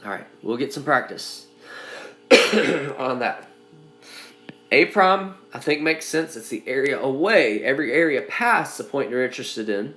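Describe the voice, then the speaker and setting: A male engineering instructor giving a recorded lecture, halting and repeating his phrases as he explains, with an occasional cough. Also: medium pitch, sing-song, bright, forceful tone. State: coughing now and then. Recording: echoey room sound.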